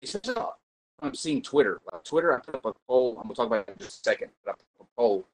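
A man's voice: medium pitch, big pitch swings, rapid-fire, poor audio. Guy hosting a loose chat show, jokey, rambling, ums everywhere. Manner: joking, rambling with fillers. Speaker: host. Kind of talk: casual livestream chat.

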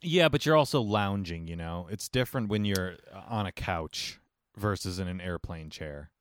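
A man's voice: low voice, lively intonation, moderate pace, smooth. A man co-hosting a casual chat, answering with dry, teasing humor and mock-serious remarks.

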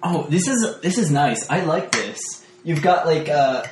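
A man's voice: a little high, sing-song, unhurried, roomy sound, noisy background. A man chatting casually over a meal in a small podcast studio, rambling, laughing and correcting himself as he goes. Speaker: podcast guest. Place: small home podcast studio with foam panels.

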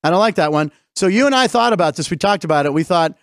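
A high-pitched American man hosting a comedic sports show, joking and rambling with quick asides. His voice is caught close and dry with no room sound. He is middle-aged, with an easy, chatty delivery. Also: expressive, fairly bright tone, no echo. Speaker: host. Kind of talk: casual comedic sports talk.

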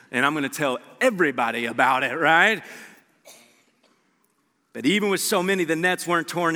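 A male pastor preaching a sermon, animated, his voice leaping up for emphasis and acting out the people in his stories. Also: high-pitched. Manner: acts out quoted dialogue. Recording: long hall reverb.

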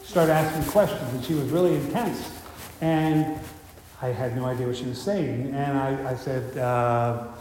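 A man's voice: mid-range voice, steady tone, moderate pace, darkish tone, a little hiss or hum. Male preacher, conversational storyteller, roomy church reverb. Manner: storytelling, conversational, with frequent fillers and restarts. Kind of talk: sermon. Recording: echoey hall with faint ambience.

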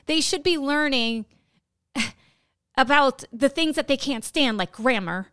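A woman's voice: high-pitched, lively intonation, slow pace, a bit bright. A woman who teaches school, talking earnestly as a podcast co-host in casual chat. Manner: earnest, repeats and restarts.

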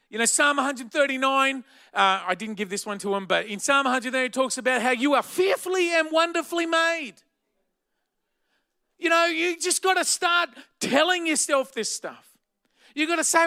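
High bright-voiced Australian preacher. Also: male voice, moderate pace. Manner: energetic, joking, shouts for emphasis. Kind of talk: sermon.

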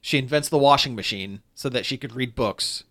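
A man's voice: mid-range voice, fairly quick, sharp tone. A man in casual chat reviewing a film, rambling with restarts and fillers as he goes. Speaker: movie reviewer.

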